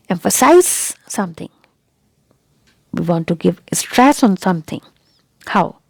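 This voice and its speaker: A woman's voice: medium pitch, creaky, warm tone, no room sound. A woman teaching a lesson, repeating key points and often asking whether the listener understood. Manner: repetitive, checks understanding with rhetorical questions. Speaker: English teacher. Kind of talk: explaining a lesson on a video channel.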